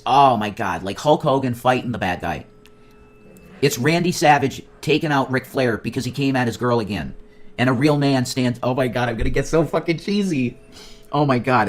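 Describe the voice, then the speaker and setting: A man talks at a medium pitch in a loose, rambling livestream chat. He swears constantly, gets worked up, then drops to muttered asides under his breath. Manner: profane, excitable, nostalgic rambling; swings between loud outbursts and muttered asides. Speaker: streamer.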